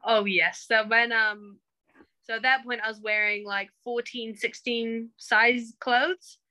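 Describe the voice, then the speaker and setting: Casting: chatty young woman, fairly high, forceful bright tone, interview guest. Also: fairly even intonation, slow pace, poor audio. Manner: chatty, acts out quoted remarks. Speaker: coaching client. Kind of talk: casual interview.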